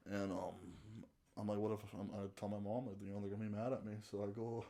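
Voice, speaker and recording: A man's voice: fairly low pitch, little pitch movement, quick pace, vocal fry, dark tone. A young man as a podcast guest, chatting casually with blunt, crude remarks while telling a school story. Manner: crude, laughing, blunt reactions. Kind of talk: casual chat.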